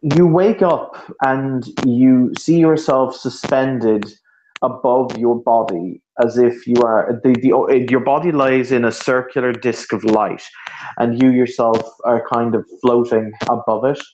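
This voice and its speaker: A man's voice: mid-range voice, darkish tone, a little hiss or hum. A man running a tabletop roleplaying game as game master, narrating scenes with frequent restarts. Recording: roomy, muffled home recording.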